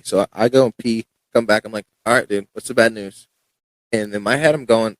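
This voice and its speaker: Low-voiced young man telling a story. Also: brisk, no room sound, poor audio. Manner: rambling, frequent restarts and fillers, acts out quoted dialogue. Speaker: podcast guest, MMA fighter. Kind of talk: casual storytelling.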